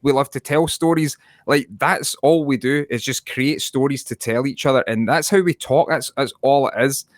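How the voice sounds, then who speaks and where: A man's voice: mid-range voice, normal speed, hardly any pauses, no echo, clean studio sound. A man co-hosting a podcast in casual chat, sweary and rambling, laughing often. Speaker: podcast co-host.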